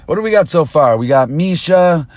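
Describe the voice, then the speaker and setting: A man's voice: a little high, lively intonation, normal speed, darkish tone, no echo. A man delivering an erratic, conspiratorial stream-of-consciousness monologue, recorded on a binaural mic. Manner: erratic, conspiratorial, jumps between topics. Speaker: self-styled press speaker.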